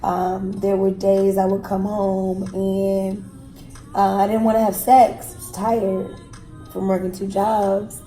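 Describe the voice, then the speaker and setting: A woman telling a personal story in an interview, frankly and with pauses and fillers. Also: medium pitch, little pitch movement, warm tone. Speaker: guest telling her own story. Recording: echoey room with faint music.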